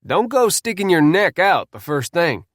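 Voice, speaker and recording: A man reading the lines of a friendly young Southern sergeant, slow and matter-of-fact. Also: high-pitched, big pitch swings, dry recording, studio quality, voice pushed up.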